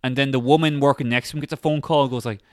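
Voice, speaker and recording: Young Irish guy, smooth rambling chat. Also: medium pitch, fairly even intonation, rapid-fire, no room sound, clean studio sound. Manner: rambling storyteller, lots of "like", mimics people he describes. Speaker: podcast co-host. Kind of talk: casual chat.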